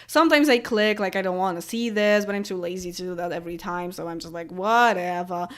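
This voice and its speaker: A woman's voice: lowish voice, fast. A woman in her late twenties with a Polish accent, chatting casually with viewers and answering their comments, rambling with lots of fillers and easy laughs. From Poland. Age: late 20s. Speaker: YouTuber.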